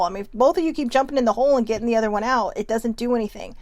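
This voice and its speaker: A woman's voice: a little high, lively intonation, very fast, hardly any pauses, darkish tone, no echo. A woman hosting a casual motivational vlog, talking in a chatty, emphatic way and laughing often. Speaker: vlog host.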